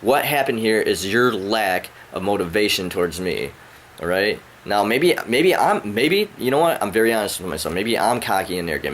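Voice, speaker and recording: A man ranting angrily at someone he addresses directly, profane and rambling, his pitch climbing when he gets worked up. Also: a bit bright, a little hiss or hum. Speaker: vlogger. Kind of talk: angry rant to the camera. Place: at home indoors.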